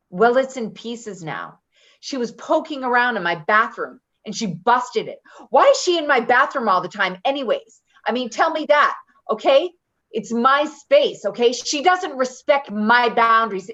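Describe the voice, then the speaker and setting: A woman's voice: a little high, a bit bright, dull audio. A woman in a readers theater reading, playing a blunt, defensive live-in caregiver who answers with sarcasm. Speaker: actor in a staged reading.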